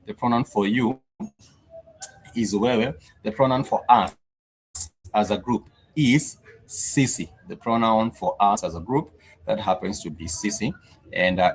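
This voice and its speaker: A man's voice: lowish voice, slightly rough. A man teaching a live-streamed Swahili class, patiently repeating each phrase and spelling words out letter by letter. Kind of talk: live-streamed language lesson.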